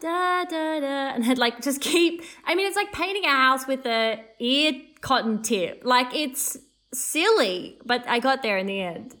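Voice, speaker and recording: A woman's voice: high-pitched, animated, pushed and bright. Chatty woman, filler-heavy talk. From Australia. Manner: chatty, many fillers, quick restarts. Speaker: playwright and composer guest. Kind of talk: casual interview chat.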